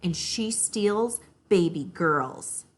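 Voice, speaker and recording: A woman voicing a bossy older sister who speaks slowly and deliberately to spook her sibling. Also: lowish voice, expressive. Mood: ominous. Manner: slow, deliberate and ominous.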